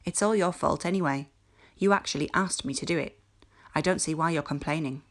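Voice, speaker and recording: A woman's voice: low voice, a little fast, lightly acted. A woman voicing an anxious, clumsy young schoolgirl witch who speaks hesitantly and pleadingly. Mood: irritable.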